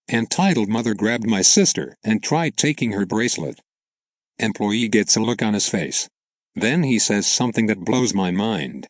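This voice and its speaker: A man's voice: fairly low pitch, animated, normal speed, no room sound. A man narrating an online story aloud in a plain, matter-of-fact way.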